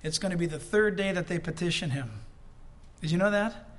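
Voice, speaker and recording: A man's voice: high voice, animated, fairly quick, slight background noise. A male preacher delivering a sermon, reading scripture aloud and breaking off into conversational asides to the congregation.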